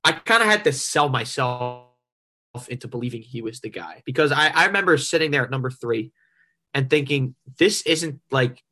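Bright-voiced young man talking sports. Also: medium pitch, expressive, normal speed. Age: young adult. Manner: enthusiastic, stammering restarts. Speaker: podcast co-host. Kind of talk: casual sports podcast chat.

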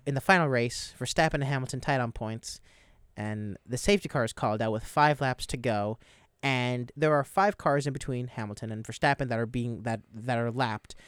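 Smooth-voiced man recapping a race. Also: mid-range voice, no echo, clean studio sound. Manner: animated, recounts race events in detail. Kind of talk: casual sports chat.

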